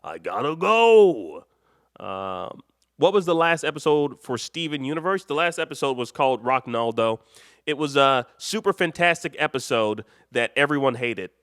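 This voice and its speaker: A man's voice: mid-range voice, expressive, normal speed, bright, forceful tone, smooth, no room sound, studio quality. A man from Chicago hosting a late-night live stream, rambling and joking with the chat and laughing often. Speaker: live show host.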